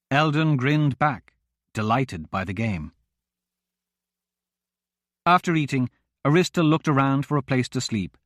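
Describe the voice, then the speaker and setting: A man narrating a fantasy audiobook in a steady, even storytelling voice. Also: mid-range voice, no room sound, studio quality. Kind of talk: scripted narration.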